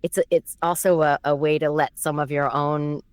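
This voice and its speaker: Low-voiced chatty woman voice actor. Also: normal speed, clean tone, no echo. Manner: chatty, animated, many fillers and restarts. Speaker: voice actress. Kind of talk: casual interview answers.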